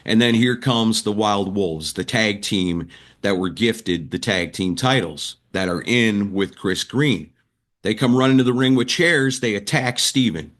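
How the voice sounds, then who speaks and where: A man with a fairly low, slightly bright voice speaks a little slowly. He's a wrestling announcer and writer appearing as an interview guest on a podcast, vividly retelling stories and acting out the quotes.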